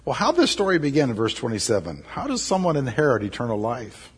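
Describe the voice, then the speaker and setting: A man's voice: mid-range voice, very animated, fast talker, husky. A man preaching a sermon, emphatic and repeating his key phrases. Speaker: pastor.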